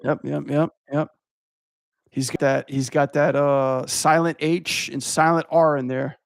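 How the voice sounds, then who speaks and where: A man's voice: on the high side, level tone, measured pace, gravelly, no echo, clean studio sound. A young adult man from Louisiana, rambling and swearing as he critiques animation for his stream chat. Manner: rambling, profane, filler-heavy.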